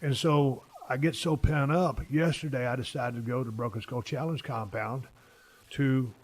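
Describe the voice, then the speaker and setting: Podcast host, man in his 50s, profane, rambling, mid-pitched voice. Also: fairly even intonation, moderate pace. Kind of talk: casual chat.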